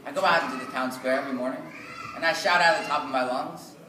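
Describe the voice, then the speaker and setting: A man voicing a cheerful poor handyman who proudly shouts and sings his calls. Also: mid-range voice, fast, pitched above the performer's own voice, lightly acted. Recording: echoey hall from far off, noisy.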